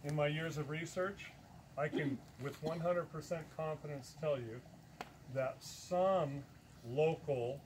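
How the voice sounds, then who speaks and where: A man's voice: on the high side, takes it slowly, darkish tone, a little hiss or hum. A man giving a talk to an audience, earnest and emphatic, repeating words for stress. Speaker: presenter.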